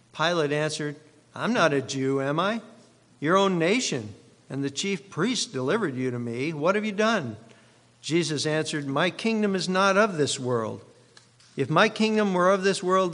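A man, a pastor, reading scripture aloud and preaching in a sermon, with a measured and dramatic delivery. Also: on the high side, a bit bright. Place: church sanctuary. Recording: long reverb of a large hall.

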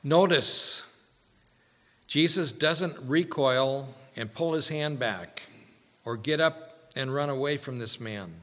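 A man preaching a sermon as a pastor, slow and deliberate, with dramatic pauses and rising emphasis. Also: mid-range voice, fairly bright tone. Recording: long hall reverb.

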